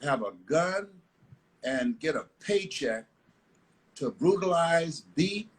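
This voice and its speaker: An older American motivational speaker tells stories in a live online interview, hammering points home and repeating them. Slightly high, expressive, and slow, his voice arrives over a live video call with poor audio and a little hiss or hum.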